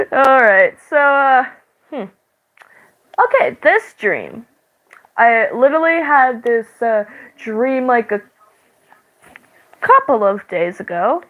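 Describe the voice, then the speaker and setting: A woman's voice: high voice, very animated, phone-quality sound. A woman telling a story about her dream in a casual way. She often stops and restarts, fills gaps with "like", and giggles. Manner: halting, with many fillers and restarts. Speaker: channel host.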